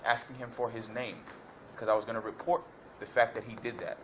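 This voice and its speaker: A man's voice: medium pitch, little pitch movement, brisk, slight background noise. A man giving detailed courtroom testimony to a judge, hesitant and repetitive with many fillers and restarts. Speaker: defendant addressing a judge.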